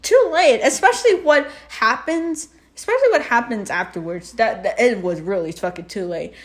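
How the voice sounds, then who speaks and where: A woman co-hosting a podcast, ranting about a movie in casual chat, animated and swearing often. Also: mid-range voice, moderate pace. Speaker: podcast co-host.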